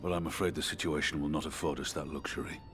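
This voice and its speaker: Steady commander, low voice, formal and courtly. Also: male voice, quick pace, over music. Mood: dignified. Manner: formal, archaic phrasing. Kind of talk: game cutscene voice acting.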